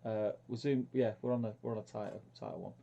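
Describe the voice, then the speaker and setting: A man co-hosting a tabletop wargame stream, relaxed and answering in short casual remarks. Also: mid-range voice, fast, lo-fi sound. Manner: laid-back, brief replies.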